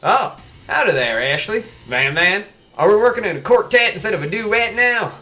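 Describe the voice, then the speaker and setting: Man putting on a folksy old Southern chef, genteel drawl, bright lively voice, game character. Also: sits high, moderate pace, faint music behind, voice pushed up. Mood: cheery.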